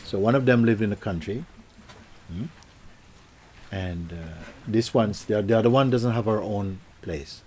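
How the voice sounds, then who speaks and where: A man's voice: on the low side, a little slow, pauses often, darkish tone, a little hiss or hum. A man giving a spiritual satsang talk, telling a story playfully and acting out quoted voices, with loose spoken grammar. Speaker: spiritual teacher.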